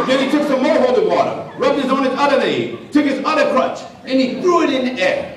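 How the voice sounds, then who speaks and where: A priest telling funny stories in a sermon, animated and jokey, acting out the voices of the people in them. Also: male voice, very high-pitched, moderate pace, background noise. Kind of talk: comic storytelling sermon. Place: large church hall before an audience. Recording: far-off echoey hall with crowd laughter.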